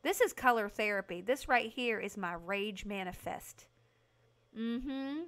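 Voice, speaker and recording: Playing a house renovation video game live, this woman talks a little slowly in a mid-range voice. She's chatty, greets chat members by name, and erupts in excited bursts during her casual commentary.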